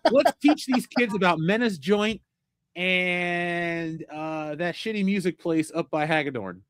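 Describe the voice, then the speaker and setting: A man's voice: high-pitched, slow, no room sound, studio quality. A man hosting a pop culture chat show, reading viewer comments and teasing his co-host with frequent laughter. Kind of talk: casual chat.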